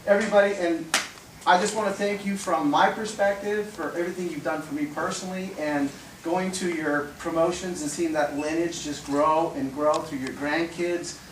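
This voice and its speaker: A martial arts instructor giving a fast, animated tribute speech at a ceremony. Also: male voice, fairly high pitch, a little hiss or hum. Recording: echoey room, far from the mic.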